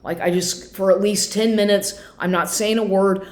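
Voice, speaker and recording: A woman's voice: mid-range voice, steady tone, normal speed. A woman telling a story in a casual monologue, rambling, swearing often and sounding exasperated. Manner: profane, rambling, exasperated retelling. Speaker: vlogger. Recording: roomy echo.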